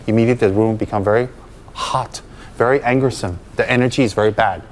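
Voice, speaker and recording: A man's voice: mid-range voice, fairly even intonation, quick pace, a little hiss or hum. A man, a Buddhist teacher, giving a dharma talk to students, emphatic and full of rhetorical questions.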